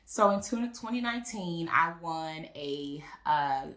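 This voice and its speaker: Bright-voiced Texan woman telling stories. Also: low-pitched, measured pace. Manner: animated storyteller, acts out quoted voices. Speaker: wedding officiant and business owner. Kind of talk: casual interview storytelling. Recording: echoey room.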